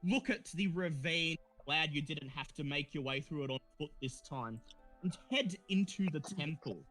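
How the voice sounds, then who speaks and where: A man's voice: on the high side, moderate pace, fairly bright tone, faint music behind. A man narrating a tabletop game as game master, with descriptive storytelling and some hesitation.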